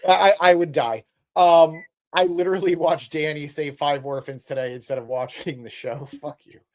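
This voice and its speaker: A man with a slightly raised pitch co-hosts a casual live stream. He reads viewer comments aloud and answers them off the cuff, with joking swears. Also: steady tone, normal speed. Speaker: podcast co-host reading live chat.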